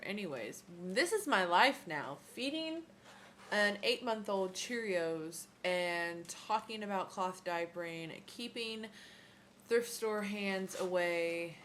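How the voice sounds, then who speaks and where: A woman's voice: lowish voice, a bit bright, slight background noise. A young woman ranting casually to her camera at home about motherhood, sarcastic and swearing, with many ums. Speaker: vlogger.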